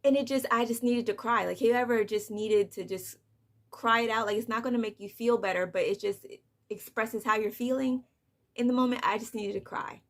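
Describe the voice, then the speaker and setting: A young woman and mother talking softly and haltingly in a personal vlog, holding back tears, with many fillers. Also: fairly high pitch, steady tone. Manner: soft, hesitant, many "like" fillers, on the edge of tears. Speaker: vlogger, mother of two.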